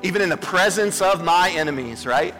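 A man pastor preaching a sermon from a church stage, earnest and repetitive, dropping to a soft hush for quoted words. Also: high-pitched, animated, fairly quick, big-room sound, faint music behind. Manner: earnest, repeats words, drops to a soft hush when voicing Jesus.

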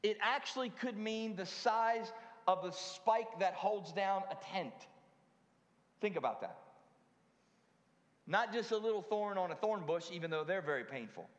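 A man preaching a sermon, moving from scripture into chatty asides to the congregation. His voice sits fairly high for a man. The sound carries a long reverb, as in a church sanctuary. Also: lively intonation, unhurried, long pauses, dull audio.

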